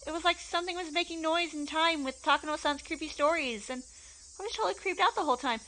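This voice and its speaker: A woman voicing a teasing, anxious teenage girl, reading a visual novel aloud in an excitable manner. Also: sits high, quick pace, pitched above the performer's own voice, rough recording. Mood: uneasy. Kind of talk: visual novel read-along.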